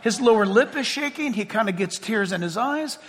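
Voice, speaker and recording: High, bright-voiced man preaching in a hall. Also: moderate pace, slightly rough. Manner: lively, conversational preaching with asides and acted-out scenes. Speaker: pastor. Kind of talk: sermon. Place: church sanctuary before a congregation. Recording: long reverb of a large hall.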